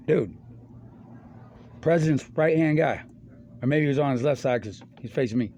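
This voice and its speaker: Man, middle-aged, rambling monologue, slangy, profane, topic-hopping, everyday pitch. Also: normal speed, mellow, slight background noise. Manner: loose, slangy and profane, jumps between topics. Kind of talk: rambling stream-of-consciousness monologue.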